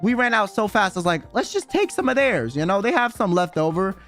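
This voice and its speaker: A young man streamer telling a rowdy story in casual chat, animated and swearing often as he acts out quotes. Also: high voice, fairly quick, faint music behind.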